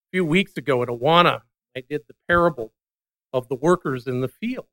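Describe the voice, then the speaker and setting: A pastor with a notably high voice delivers a sermon, telling a Bible story in an animated way. He acts out the characters' lines with changing emphasis, at times rising and at times dropping to a hush. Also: a little fast.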